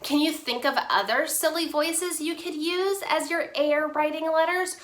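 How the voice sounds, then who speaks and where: A woman occupational therapist with a high, bright voice walks parents through a handwriting lesson at a relaxed pace. She talks straight to the viewers in an animated, playful way. The room adds an echo around her voice. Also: unhurried, a little hiss or hum. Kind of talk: instructional video for parents. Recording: roomy echo.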